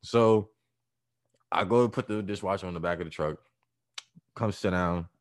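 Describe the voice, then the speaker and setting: A man casually telling a story full of profanity, animated and acting out the people in it. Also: low voice, moderate pace. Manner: profane, animated, acts out voices and laughs.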